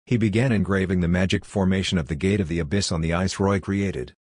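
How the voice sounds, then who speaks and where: A man narrating a fantasy audiobook in an even, steady reading voice. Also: deep voice, fast talker, no room sound, clean studio sound. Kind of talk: scripted narration.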